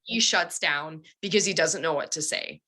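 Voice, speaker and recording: A young woman telling animated, chatty stories in a casual podcast conversation. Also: low voice, normal speed.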